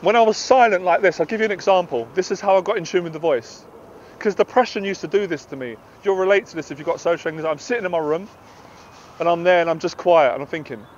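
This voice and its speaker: A man's voice: high-pitched, fast, muffled recording, a little hiss or hum. A British man, a confidence coach, giving a passionate, emphatic motivational talk to camera outdoors.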